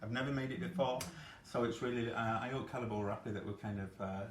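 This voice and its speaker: A man's voice: mid-range voice, fast. A man with a Northern English accent, a cake artist guest talking through a baking demonstration. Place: studio kitchen. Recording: echoey kitchen with background noise.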